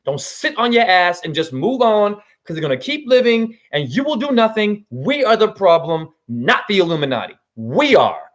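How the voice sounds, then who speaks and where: Casting note: man in his forties, high voice with wide swings, livestream spiritual monologue, profane. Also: big pitch swings, moderate pace, few pauses. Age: 40s. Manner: swings from low preaching to high shouts, swears. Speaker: spiritual teacher.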